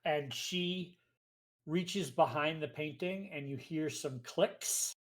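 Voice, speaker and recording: A man's voice: a little high, slow. A man running a tabletop role-playing game as game master, narrating scenes and explaining rules plainly.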